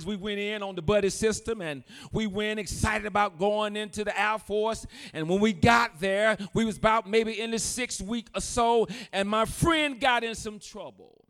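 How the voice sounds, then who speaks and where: A man with a notably high voice delivers a sermon as a pastor. He tells a story in an easy way and then lifts into forceful, emphatic preaching.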